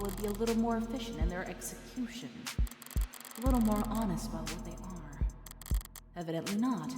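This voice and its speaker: A woman reads as a weary, sarcastic defense lawyer, narrating a game's story in a dry, wry tone. The voice sits lower, and it rings in a roomy space with a long reverb tail over music. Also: lightly acted. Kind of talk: game narration read aloud.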